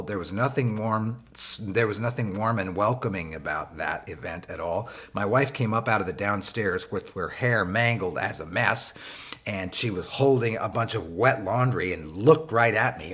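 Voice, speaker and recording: A man teaching leadership through a personal story, talking conversationally with frequent fillers and wry emphasis. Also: a bit bright. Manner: rises in pitch for wry emphasis. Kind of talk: anecdotal storytelling lesson.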